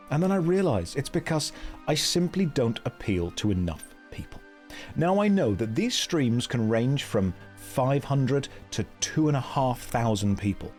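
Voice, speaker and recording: A man's voice: on the high side, darkish tone. A man streaming live, giving a sarcastic, theatrical, self-mocking monologue.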